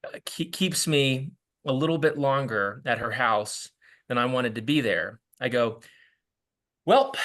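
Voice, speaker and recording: An American man giving a volunteer training talk, halting with many restarts and acting out doorstep exchanges. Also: mid-range voice, bright, forceful tone. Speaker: canvassing trainer.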